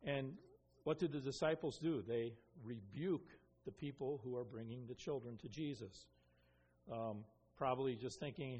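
A pastor giving an earnest expository sermon, with frequent ums and restarts. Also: male voice, medium pitch, moderate pace, a little mellow, slightly rough. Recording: long reverb of a hall.

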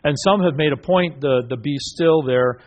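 His voice sits fairly high yet has a darkish tone. He's teaching a Bible study group, posing questions and affirming replies, and his delivery halts often with fillers and restarts.

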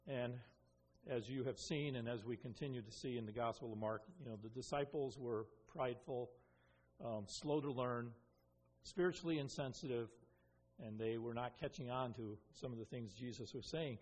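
A pastor giving an earnest expository sermon, with frequent ums and restarts. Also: male voice, mid-range voice, moderate pace, darkish tone. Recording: long reverb of a hall.

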